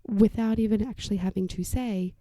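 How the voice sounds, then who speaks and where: A young adult woman hosting a solo podcast as an occupational therapist, chatty and reassuring, often dropping to a soft whisper as she explains parenting strategies. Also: mid-range voice, moderate pace, gravelly, no room sound.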